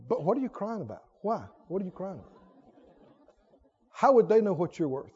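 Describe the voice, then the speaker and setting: High-voiced preacher, animated and laughing. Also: male voice, a little fast, pauses often, breathy edge. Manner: animated, laughing often, rhetorical questions, calls for responses. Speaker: pastor. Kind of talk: sermon. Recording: dull lo-fi recording.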